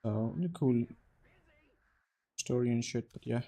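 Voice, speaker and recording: Young man, game streamer, swears a lot, rambling jokey chat, mid-pitched voice. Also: slow, creaky, dark tone. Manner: profane, joking, rambling. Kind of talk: casual gameplay commentary.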